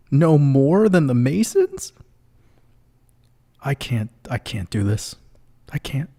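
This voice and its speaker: A man's voice: fairly high pitch, creaky, mellow, voice pushed up, exaggerated voice. A man playing a shocked, disillusioned male viewer who talks in an incredulous whine. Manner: incredulous, whining.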